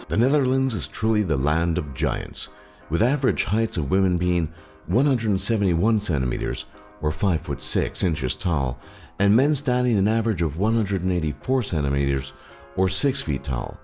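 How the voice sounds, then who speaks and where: Low-voiced man narrating with wry humor. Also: darkish tone. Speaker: narrator of a list video. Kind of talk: scripted narration.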